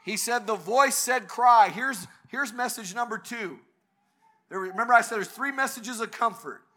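Man, preacher, very high voice, bright and forceful, fervent church sermon. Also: moderate pace. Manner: fervent preaching, swelling to emphatic peaks. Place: church service.

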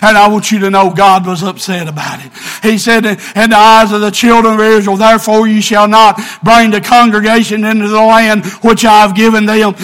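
A man preaching with a drawl, his voice pitched very high and ringing bright. He delivers an impassioned sermon, reading scripture aloud and driving his points home. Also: little pitch movement, moderate pace, hardly any pauses.

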